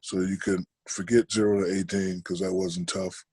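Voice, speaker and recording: A man in his forties, a podcast guest on a video call, who jokes loudly in banter and turns slow and reflective when he talks about serious things. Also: deep voice, level tone, husky, no room sound, poor audio. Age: 40s. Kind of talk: casual chat over a video call.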